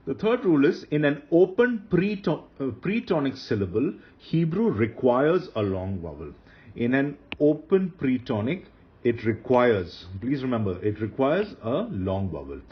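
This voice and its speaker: A man teaching grammar rules in a slide-based lecture, speaking slowly and repeating the key rules for emphasis. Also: medium pitch, highs cut off.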